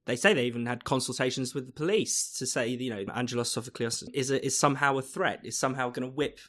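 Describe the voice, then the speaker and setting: A man's voice: mid-range voice, quick pace, a bit bright. Man hosting a podcast discussion. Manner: conversational, hedging with frequent fillers. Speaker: podcast host. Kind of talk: casual discussion.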